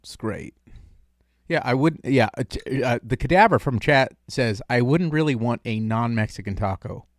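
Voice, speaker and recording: A young man hosts a call-in stream in a loose, rambling, joking manner, full of filler words. His voice sits at a middle pitch and sounds dry and close, with no room echo. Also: moderate pace. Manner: rambling, jokey, lots of filler. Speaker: streamer host taking calls. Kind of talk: casual chat.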